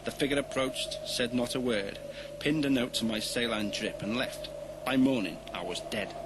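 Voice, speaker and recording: A man from London with a London accent, delivering a comic monologue in a ranting style that swings from deadpan to shouting. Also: mid-range voice, normal speed, noisy background. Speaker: comedian.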